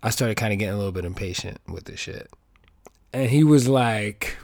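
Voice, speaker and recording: A man's voice: mid-range voice, normal speed, darkish tone, no room sound. Profane rambling young man, dry sound. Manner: profane, rambling, acts out both sides of conversations. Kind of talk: profane storytelling comedy monologue.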